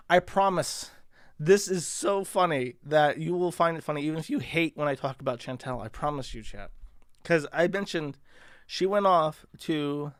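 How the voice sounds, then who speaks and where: A man's voice: a little high, dry recording, clean studio sound. Sardonic man rambling on stream. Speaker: commentary streamer. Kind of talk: casual commentary stream.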